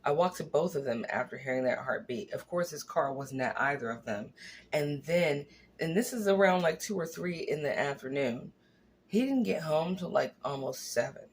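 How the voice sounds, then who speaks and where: A woman in her forties tells a personal story straight to camera, blunt and unfiltered. She swears freely and slips into little impressions of the people involved. A faint background hiss runs under her voice. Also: low-pitched. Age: 40s. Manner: candid, blunt, profane, animated, acts out quotes. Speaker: vlogger. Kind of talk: candid storytelling vlog.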